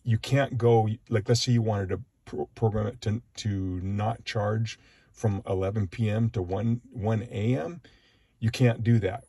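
A man's voice: on the low side, gravelly, a little mellow, slightly rough, no room sound. A man giving a casual walkthrough of his car's settings from inside it, rambling, hesitant and correcting himself as he goes. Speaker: car owner giving a tour. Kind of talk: casual walkthrough, thinking aloud.

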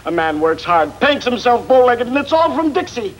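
Excitable high-voiced wisecracker, 1940s film. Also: male voice, normal speed, a little hiss or hum, rough recording. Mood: frantic.

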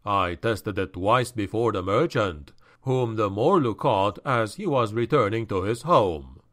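A scheming demonic high priest speaks in a low, unhurried drawl that carries quiet menace, as a man reads him. Every word is measured and commanding, with a lively swing of pitch. It is a grim fantasy audiobook character voice. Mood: menacing.

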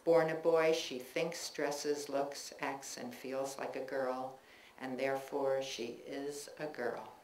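A woman reading her own personal essays aloud to an audience in a bookstore, measured and reflective, with chatty asides between pieces. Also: rumbling low, little pitch movement, a little mellow. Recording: echoey room recording with faint ambience.

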